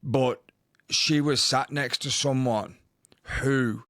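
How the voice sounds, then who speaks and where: A man's voice: mid-range voice, fairly even intonation, slow, a bit bright, no room sound. Man telling a rambling story, dry sound. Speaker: podcast co-host. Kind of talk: casual podcast chat.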